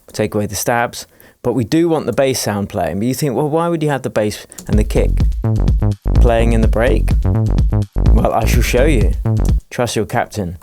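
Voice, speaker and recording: A man teaching music production in a screen-recorded tutorial, explaining each step in a relaxed, jokey way. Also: medium pitch, normal speed, vocal fry. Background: faint dance music playing from his project.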